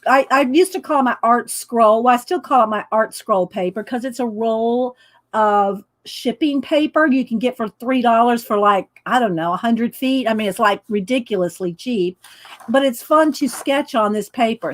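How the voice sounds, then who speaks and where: A woman hosting a casual morning art live stream, chatting, greeting viewers by name and laughing often. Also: fairly high pitch. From American South. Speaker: art livestream host. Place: home studio with windows open.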